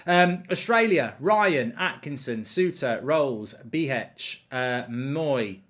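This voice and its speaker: A man's voice: medium pitch, expressive, slow, a bit bright. Rambling man hosting a football watchalong. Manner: rambling, many ums, reads chat comments aloud. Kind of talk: casual live-stream chat.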